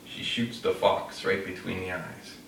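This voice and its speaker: His voice sits low and creaky yet fairly bright, steady in tone and measured in pace, as this man tells an unpolished fable full of fillers and self-corrections to demonstrate a classroom storytelling trick. It's recorded on a distant mic in a roomy space with faint noise.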